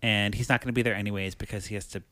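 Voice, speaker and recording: Bright-voiced man hosting a podcast. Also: fairly low pitch, racing, no room sound. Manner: laughing, animated storytelling. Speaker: podcast host. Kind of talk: casual chat recapping a film.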